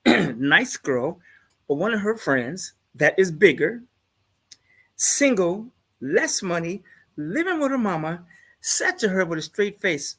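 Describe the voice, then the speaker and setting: A man's voice: high voice, big pitch swings, slow pace, a bit bright, slightly rough. A man chatting casually as a guest on a live talk show, boastful and laid-back, laughing at his own jokes. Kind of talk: casual chat, storytelling.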